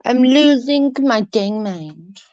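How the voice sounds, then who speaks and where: Woman rambling on a live stream, slow easy talk, kinda muffled lo-fi audio. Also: on the high side, expressive, a little mellow, no room sound. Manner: chatty, rambling, swears casually. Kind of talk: casual live-stream chat with viewers.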